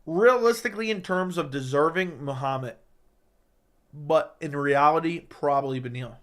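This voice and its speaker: A man hosting a casual livestream, reading viewer questions out loud and answering them in a chatty, joking way. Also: on the high side, normal speed. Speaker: livestream host.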